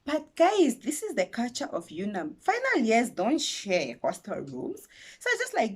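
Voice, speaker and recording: Animated young Namibian woman storyteller. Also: a little high, measured pace, breathy edge. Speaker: YouTuber. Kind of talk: casual storytelling vlog.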